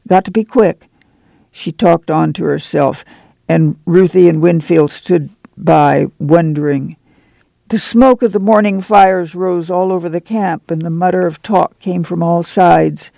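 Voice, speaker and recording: A man narrating an audiobook in a steady, measured reading. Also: a little high, vocal fry, no echo. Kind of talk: scripted narration.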